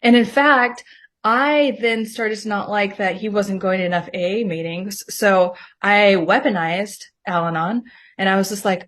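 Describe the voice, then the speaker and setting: A woman's voice: medium pitch, steady tone, normal speed, a bit bright. A woman guest on a podcast, candidly telling her personal story and acting out her past self in mocking quoted asides.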